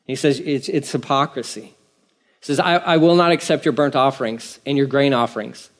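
A man's voice: mid-range voice, steady tone, brisk. A man pastor preaching a conversational sermon, repeating phrases for emphasis.

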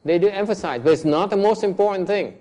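A man's voice: high voice, fast, warm tone. A man whose first language is Vietnamese, teaching a class in a blunt, questioning way. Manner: blunt, questioning, switches between English and Vietnamese. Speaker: Buddhist teacher.

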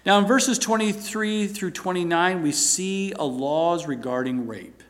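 A man's voice: sits high, measured pace, hardly any pauses, fairly bright tone. A man giving an earnest Bible teaching, asking rhetorical questions and reading scripture aloud.

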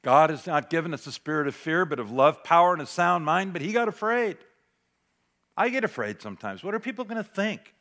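A man preaching a sermon as pastor, dramatic, swinging between loud declarations and near-whispered asides. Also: fairly high pitch, animated, brisk. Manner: dramatic, varies loudness, drops to near whisper for emphasis.

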